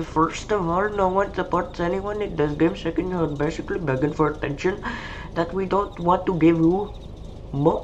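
A woman playing an online shooter game, chatting casually with slow, mumbly, sarcastic banter. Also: fairly low pitch, highs cut off, background noise. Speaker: gamer streamer. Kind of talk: casual gaming commentary. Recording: keyboard typing and mouse clicks behind.

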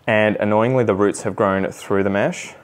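A man's voice: on the low side, steady tone, moderate pace, smooth. A man with an Australian accent who talks viewers through repotting a plant in a casual, self-deprecating way, with joking asides. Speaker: plant vlogger. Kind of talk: casual how-to narration while repotting.

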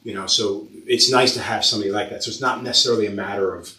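Fast-talking man telling shop stories. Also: fairly low pitch. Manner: lively storyteller who swears a lot. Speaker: tattoo shop owner and podcast host. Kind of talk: casual podcast chat. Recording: roomy sound, far from mic.

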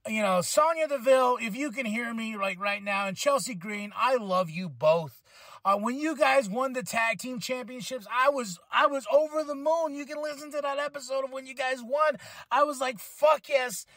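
Podcast host, male, fairly high voice, excitable and profane, rambles, dry close sound. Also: moderate pace, dry recording. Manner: excitable, rambling, swears freely. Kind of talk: casual solo review podcast.

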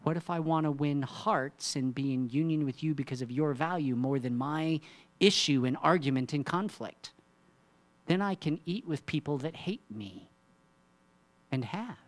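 Animated man preaching a sermon. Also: normal speed. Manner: swings between hushed, low asides and loud, emphatic peaks; conversational, with rhetorical questions and teasing asides. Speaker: pastor.

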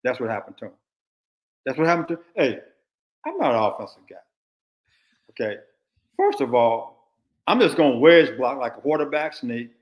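A man's voice: mid-range voice, very animated, moderate pace, pauses often. An older man from Texas, a former football coach, giving blunt, emphatic football analysis in casual talk and repeating his points.

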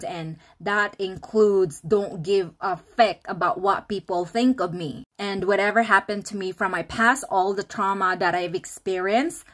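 A woman's voice: mid-range voice, a bit bright. A woman with a Filipino first language, speaking in English as a vlogger. She tells her life story in an earnest, repetitive way and acts out past conversations in quoted dialogue. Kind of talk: personal monologue to camera.

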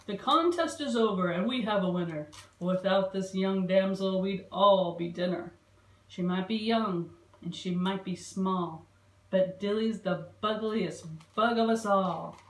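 A woman's voice: medium pitch, measured pace, distant mic, close to an everyday voice. A woman voicing a pompous male cicada who makes a formal victory speech. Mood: proclaiming. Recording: roomy echo.

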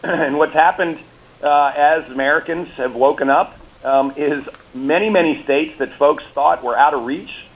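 Speaking in a fairly high-pitched voice over a rough recording, a governor is interviewed by phone or remote as a talk radio guest. He stays confident and upbeat, restarting his talking points and repeating words as he does.

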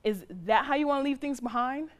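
A woman's voice: high-pitched, a little fast, natural voice. An actress playing a stern but loving mother who scolds her teenage son in plain, colloquial speech. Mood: stern scolding. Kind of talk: drama acting.

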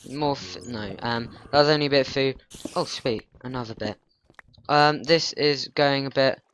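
Give me a slow-talking, jumpy man narrating gameplay. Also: medium pitch, a bit bright, slight background noise. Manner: jumpy, panicky, talks back at game monsters. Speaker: gaming channel host. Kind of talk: casual gameplay commentary.

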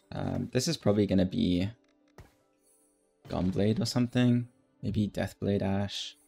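A man streaming a strategy game, thinking aloud in casual commentary with relaxed, mumbled asides. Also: low-pitched, gravelly, breathy edge.

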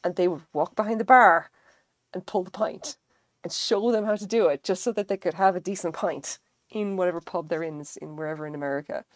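An Irish woman hosts a casual livestream while she crochets. Her voice sits on the low side and sounds close and dry. She talks animatedly, drops plenty of "like" and "you know", and swears without a second thought. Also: fairly quick, no room sound. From Ireland. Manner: animated, swears freely, lots of fillers. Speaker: livestream host.

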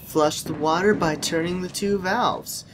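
A man's voice: sits high, measured pace. A man commentating a horror game, joking and talking to the characters, yelping when scared. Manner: jokey, yelps and shrieks when scared; chatty, talks to game characters. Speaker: gameplay commentator. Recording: noisy home recording.

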